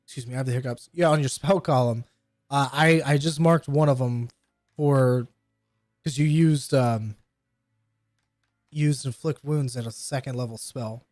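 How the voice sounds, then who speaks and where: A man's voice: mid-range voice, steady tone, a little slow, long pauses, a little mellow, no echo, studio quality, soft background music. A man running a tabletop game, patiently explaining rules and narrating scenes with loose fillers. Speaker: game master.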